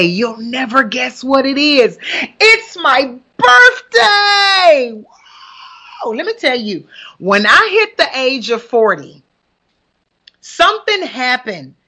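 A woman in her forties from Alabama with a Southern country accent, hosting a live broadcast in a chatty, upbeat way. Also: medium pitch. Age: 40s. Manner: chatty, warm greetings to listeners, upbeat. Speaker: host and pastor. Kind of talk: casual live broadcast chat.

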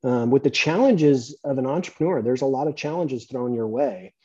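Middle-aged male host, husky and warm-toned, easy storyteller; slightly muffled lo-fi audio. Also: mid-range voice, normal speed. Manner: relaxed storytelling, acts out dialogue. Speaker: podcast host. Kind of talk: conversational interview. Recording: dull lo-fi sound.

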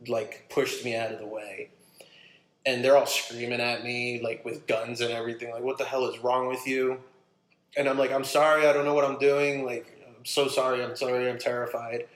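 A man casually telling a long personal story, animated and acting out what people said. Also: mid-range voice. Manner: animated, acts out his own quotes. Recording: roomy echo.

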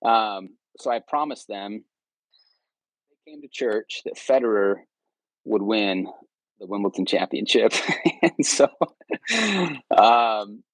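A man's voice: lowish voice, slow, pauses often, no room sound, low-quality recording. A man, a podcast guest, telling stories in a casual, rambling way with many ums. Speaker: podcast guest, returned missionary. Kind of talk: casual storytelling interview.

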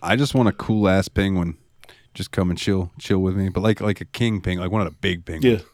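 A man co-hosting a podcast in casual, profane, animated chat. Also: sits low, brisk, no echo, clean studio sound. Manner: animated, profane, laughs a lot. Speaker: podcast co-host.

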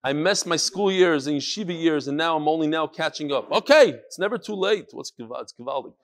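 A man's voice: fairly high pitch, animated, a little fast. A man hosting a casual chat show, reading listener emails aloud with joking asides.

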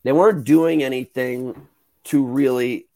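A young man hosting a podcast, telling stories in a casual, animated way, swearing and acting out the voices of the people in them. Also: mid-range voice, measured pace, creaky. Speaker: podcast host. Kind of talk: casual storytelling chat.

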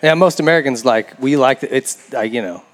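A man's voice: medium pitch, fast. A man hosting a podcast, joking with his guests and laughing a lot. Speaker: podcast host. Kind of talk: casual chat. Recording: roomy reverb.

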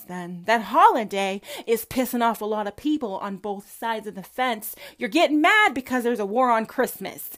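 Southern lady going off on a profane rant, kinda high voice, lots of cussing and you hear me?s. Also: a bit bright. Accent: Southern American. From Southern United States. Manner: combative, cussing, emphatic rhetorical questions. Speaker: commentator. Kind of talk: profane religious rant to camera.

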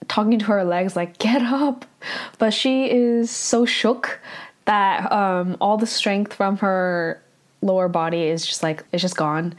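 A woman casually recapping a TV drama episode, chatty and full of "like", briefly acting out the characters' lines. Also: mid-range voice.

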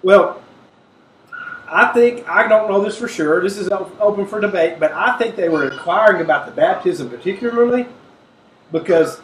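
A man leading a conversational Bible study, animated and acting out the voices he quotes. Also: sits high, moderate pace, roomy sound, recorded from a distance, a little hiss or hum. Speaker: Bible teacher.

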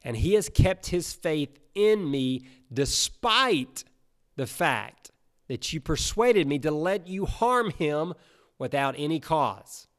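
A man's voice: fairly high pitch, lively intonation, takes it slowly. A man voicing God as a stern, chiding all-powerful deity in a retold Bible story during a sermon. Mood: earnest.

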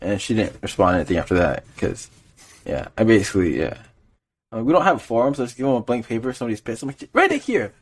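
A man's voice: lowish voice, quick pace, husky. A young man chatting on a podcast, telling a work story with lots of fillers and frequent laughs. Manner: rambling storyteller, laughs often, many fillers. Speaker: podcast co-host. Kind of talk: casual podcast chat.

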